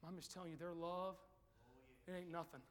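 A man preaching a sermon at a youth event, swinging from quiet pleading to shouted climaxes. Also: sits high, little pitch movement, brisk. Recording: echoey hall.

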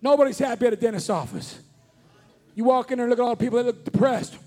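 A man, preaching a fervent sermon as pastor, shouting his points and mixing in joking asides. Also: very high voice, fast. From Kentucky. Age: 40s.

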